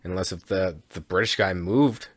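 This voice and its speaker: A man's voice: deep voice, normal speed, no room sound. A man co-hosting a podcast in a casual chat, rambling and laughing often with frequent restarts, recorded in a studio. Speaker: podcast co-host.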